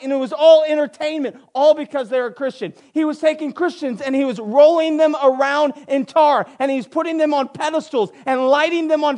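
A man with a high voice preaches to his congregation in a church sanctuary. He moves from hushed prayer into building, passionate teaching. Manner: prays softly, then preaches with rising intensity. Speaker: pastor. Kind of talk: sermon.

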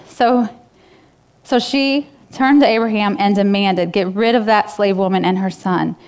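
This woman pastor's voice is medium in pitch, steady, clean, and somewhat dark, and she speaks a little slowly. Her sermon is casual and chatty, with fillers, as she retells a story to her church.

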